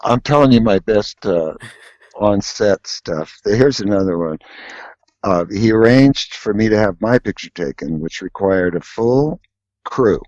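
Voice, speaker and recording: A man, a guest artist, telling anecdotes in a casual, animated way and acting out voices in his stories. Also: lowish voice, a little slow, no room sound. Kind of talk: casual storytelling. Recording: dull lo-fi dry sound.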